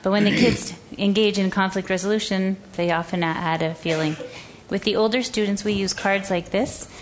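A woman's voice: medium pitch, steady tone, moderate pace, a little hiss or hum. A woman educator giving a presentation, telling a classroom story and acting out the quoted voices. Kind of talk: presentation talk.

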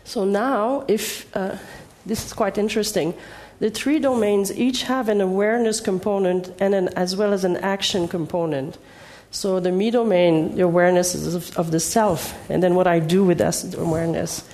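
A woman's voice: mid-range voice, fairly even intonation, normal speed, hardly any pauses, a little mellow. A woman educator giving a presentation and explaining the ideas step by step. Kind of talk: presentation talk.

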